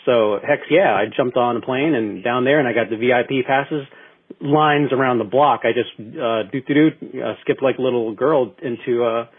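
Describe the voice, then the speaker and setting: A slightly rough male voice at medium pitch and a moderate pace, coming through tinny, phone-like internet radio audio. He's a podcast co-host in casual chat, telling a long story full of restarts and fillers.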